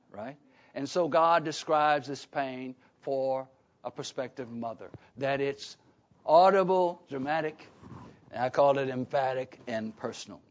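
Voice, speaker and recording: A man preaching a sermon, emphatic and conversational, often asking the listeners questions. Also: fairly high pitch. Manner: emphatic, asks the congregation questions. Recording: dull lo-fi recording.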